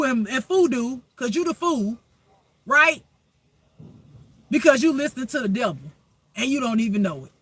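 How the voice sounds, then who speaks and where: A man's voice: extremely high pitch, bright, forceful tone. A man giving a spiritual reading as a life teacher, preaching emphatically with rhetorical questions.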